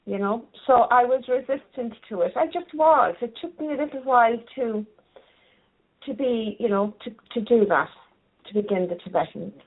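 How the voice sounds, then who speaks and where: A woman's voice: on the high side, moderate pace, slightly rough. A woman with an Irish accent calling a radio show, hesitant and laughing between phrases. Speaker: caller. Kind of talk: phone-in chat. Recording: tinny phone line.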